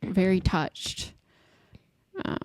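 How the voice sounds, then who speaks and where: Animated woman recapping a book. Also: very slow, no echo. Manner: animated storyteller, laughs often, acts out quotes. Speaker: podcast co-host. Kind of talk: casual chat recapping a book.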